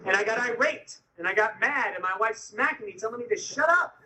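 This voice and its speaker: A man's voice: sits high, lively intonation, fairly quick, sharp tone, slight background noise, rough recording. A man telling his recovery story to an audience with self-mocking humor, retelling scenes and quoting people as he goes.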